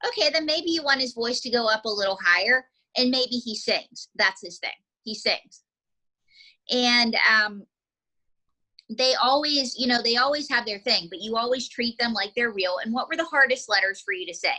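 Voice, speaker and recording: Bright-voiced woman teaching ventriloquism. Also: fairly high pitch, normal speed, poor audio. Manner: chatty, demonstrative. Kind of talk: casual instruction.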